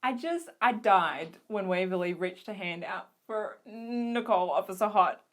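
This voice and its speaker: A young Australian woman recapping her favorite shows in a casual, gushing vlog, giggly and excitable, full of fillers. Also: mid-range voice, measured pace. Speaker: vlogger.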